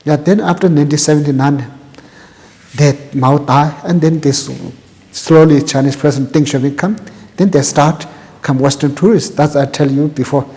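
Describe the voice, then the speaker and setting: An older man from Tibet with a Tibetan accent, whose first language is Tibetan, recounting his life in an oral history interview in halting, repetitive, broken English. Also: fairly high pitch, fairly even intonation, warm tone, long reverb tail. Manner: halting, repeats words, plain broken English.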